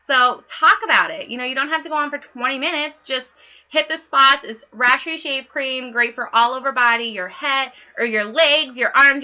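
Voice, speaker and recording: A young woman giving a casual training demo for home parties, talking fast in a bubbly, bawdy way. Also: on the high side, bright, forceful tone, highs cut off. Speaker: party consultant training others.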